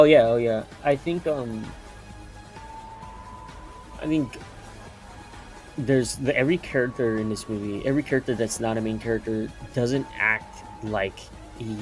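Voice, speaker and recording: A young man of mid pitch talks through a film review with no script, restarting his sentences and laughing at the goofy parts. He sounds honestly baffled, with casual swearing. Faint music plays behind him. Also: steady tone, measured pace, darkish tone. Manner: rambling, incredulous, laughs often, swears casually. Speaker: movie reviewer. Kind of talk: unscripted spoken movie review.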